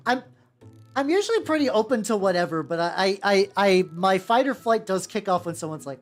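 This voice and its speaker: A woman's voice: mid-range voice, expressive, fairly quick. A woman streaming as she paints miniatures, chatting casually, stammering, repeating herself and swearing freely. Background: faint background music.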